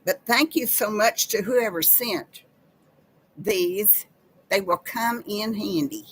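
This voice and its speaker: A woman chats folksily with viewers on a live stream. She takes her time, with an easy, drawn-out pace. Her talk is homey and personal. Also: mid-range voice, animated, slight background noise, rough recording. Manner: folksy, chatty, addresses viewers as y'all. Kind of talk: casual live chat.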